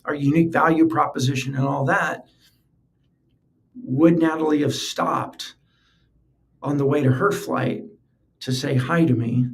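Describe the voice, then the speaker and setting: A man hosting a solo podcast speaks with a fairly high, steady voice, a little slow and with long pauses. His talk is earnest yet casual and conversational, and he often repeats words as he thinks.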